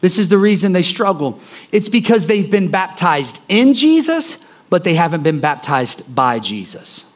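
Male preacher, a bit higher voice, conversational sermon delivery with repeated phrases. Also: big pitch swings, moderate pace.

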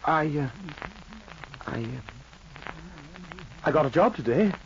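A man's voice: a little high, lively intonation, takes it slowly, creaky, full character voice. An actor playing a meek, shy man courting a lonely woman, who talks hesitantly and stammers, in 1940s radio acting style. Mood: shy, earnest. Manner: hesitant and stammering, many restarts. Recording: muffled old radio recording with hiss.

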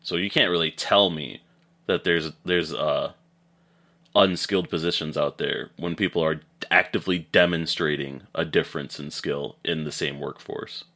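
Deep-voiced man ranting casually. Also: normal speed. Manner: animated, swearing, acting out voices, laughing. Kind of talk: casual chat.

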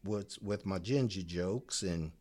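A man's voice: low-pitched, slow, crowd noise. A man co-hosting a podcast in casual banter, teasing and joking, with frequent ums. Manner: jokey, teasing, hesitant with many ums. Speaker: podcast co-host.

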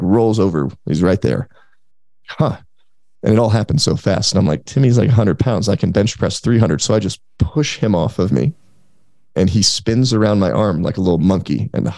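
A man's voice: fairly low pitch, normal speed, vocal fry, dry recording, studio quality. A man in his thirties, a podcast guest, telling a story in casual talk and acting out the voices of the people in it. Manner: animated, acts out quoted voices.

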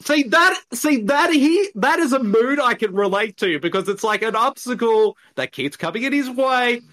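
A man, co-hosting a podcast and giving a jokey, animated movie commentary. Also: extremely high pitch. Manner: animated, jokey, quick asides. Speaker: podcast co-host. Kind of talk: casual movie commentary chat.

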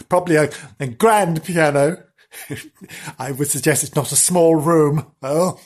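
A woman reads a bedtime story slowly, in a low, husky voice. Her pitch rises and falls a great deal. She breaks off for playful, chatty asides. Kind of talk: children's story reading with asides.

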